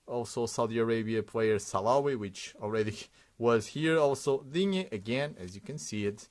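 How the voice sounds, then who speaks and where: A man's voice: mid-range voice, normal speed. A man hosting a sticker unboxing, giving casual running commentary and reading out names one after another with frequent hesitations.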